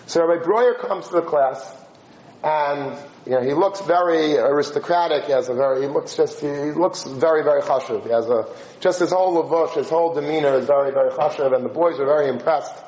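A man telling a spoken religious story, acting out the dialogue with lively shifts of pace. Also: a little high, brisk, roomy sound, rough recording.

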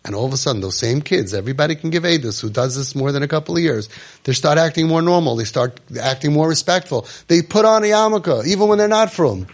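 A man makes a passionate appeal to parents, emotional throughout, impersonating parents and kids and sometimes dropping to a soft, low register. He talks fast and expressively.

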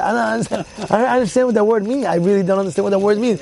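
A man's voice: high-pitched, very fast, gravelly, few pauses, a little mellow. A rabbi in his thirties giving an informal Torah talk, repeating rhetorical questions and checking in with his listeners. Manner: emphatic bursts on key words. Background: crickets and insects faintly.

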